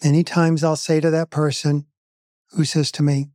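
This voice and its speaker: A man's voice: on the high side, flat delivery, moderate pace, darkish tone, no echo, clean studio sound. A man speaking as a grief expert in an interview, telling stories in an earnest, emphatic way. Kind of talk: interview conversation.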